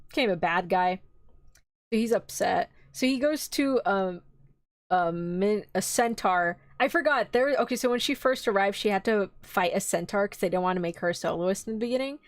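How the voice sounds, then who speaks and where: A young woman streamer chatting casually about an anime's story. She rambles in an animated way, slipping into quick voices for the characters and swearing offhandedly. Her voice sits at a middle pitch and sounds dry and close to the mic. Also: no room sound. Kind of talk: casual chat, retelling an anime plot.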